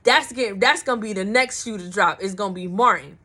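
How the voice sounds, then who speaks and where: A woman vlogger chatting through a soap opera recap in a gossipy, slangy, animated way. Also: mid-range voice, fairly quick. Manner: animated, gossipy, slangy, acts out characters' lines.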